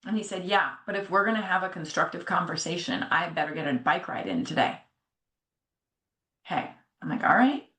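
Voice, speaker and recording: A middle-aged woman telling a personal story in a candid, animated way, often slipping into the voices of people she quotes. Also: lowish voice, normal speed. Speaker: podcast co-host. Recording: echoey room.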